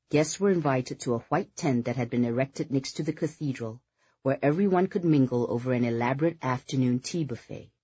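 Husky, measured audiobook narrator. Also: medium pitch, no echo, highs cut off. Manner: measured, even storytelling.

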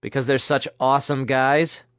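A man's voice: mid-range voice, level tone, normal speed, clean tone, no echo, studio quality, lightly acted. A man voicing a sarcastic, contrary young man who grumbles and complains, in a storybook reading. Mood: sardonic. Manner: sardonic, complaining.

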